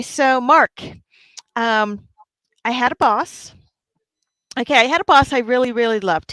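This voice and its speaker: A woman's voice: mid-range voice, a bit bright, no room sound. A woman hosting a livestream, chatting casually and upbeat with her viewers. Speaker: livestream host.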